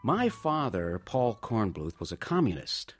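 A man performing a comic storytelling monologue in an animated, wry, mock-grand way. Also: fairly low pitch, measured pace, faint music behind.

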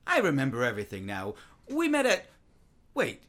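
Man playing a voluble, excitable man-about-town. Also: mid-range voice, moderate pace. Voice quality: voluble and excitable, with frequent restarts. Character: restless, voluble man-about-town, nervous and self-mocking. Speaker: actor in a play. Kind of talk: theatrical stage-play acting.

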